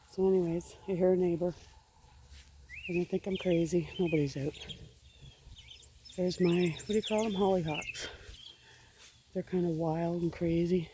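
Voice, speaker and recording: A woman's voice: fairly low pitch, mellow, slight background noise. Rambling middle-aged woman vlogging at home. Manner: rambling, chatty, self-interrupting. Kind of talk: casual home vlog. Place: house and garden, moving between indoors and outdoors.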